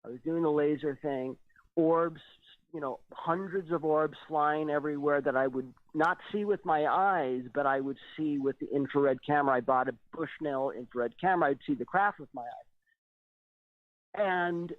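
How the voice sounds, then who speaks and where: A man guest on a radio show, telling a personal story in an animated, slightly nervous way and acting out what people said. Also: fairly high pitch, normal speed, no room sound. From California. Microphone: phone. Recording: tinny phone line, dry.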